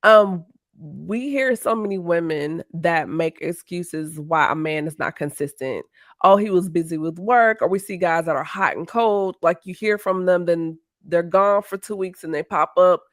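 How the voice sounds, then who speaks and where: A woman's voice: fairly low pitch, a little slow, dry recording, studio quality. A woman hosting a casual interview, reacting eagerly and steering the conversation. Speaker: host.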